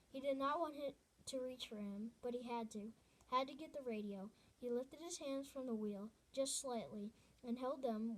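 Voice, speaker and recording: A woman reads a novel aloud in a fairly high voice. Her delivery is earnest and unpolished, and she often stumbles, restarts and corrects herself mid-sentence. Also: a little hiss or hum. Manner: earnest reading with frequent restarts and self-corrections. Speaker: reader.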